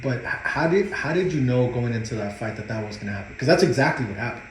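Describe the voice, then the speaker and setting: A male host who asks quick, loosely worded questions at a brisk clip. The sound is very roomy and echoey, with a faint hum behind. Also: medium pitch, lively intonation. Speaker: podcast host. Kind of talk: casual interview.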